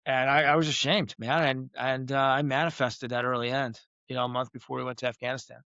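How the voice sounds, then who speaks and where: A man speaking as a podcast guest, talking earnestly and reflectively with frequent pauses and vivid comparisons. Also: medium pitch, little pitch movement, gravelly, bright, forceful tone, clean tone, no echo, highs cut off. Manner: earnest, uses metaphors, many "uh" pauses. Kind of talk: reflective interview talk.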